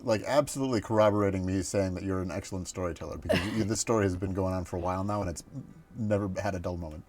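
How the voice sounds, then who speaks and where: Low-voiced man hosting a casual stream. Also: rapid-fire, darkish tone. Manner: enthusiastic, teasing, complimentary. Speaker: streamer, host.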